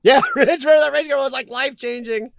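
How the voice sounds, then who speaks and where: A man's voice: extremely high pitch, fast talker, vocal fry, fairly bright tone, dry recording. A middle-aged man hosting a live chat stream, rambling and joking as he reacts to viewers' comments.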